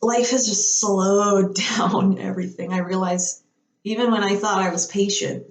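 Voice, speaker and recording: A woman's voice: medium pitch, fairly even intonation, unhurried. A woman telling rambling everyday stories in a casual chat, laughing often and acting out the people she quotes. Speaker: podcast speaker. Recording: roomy echo.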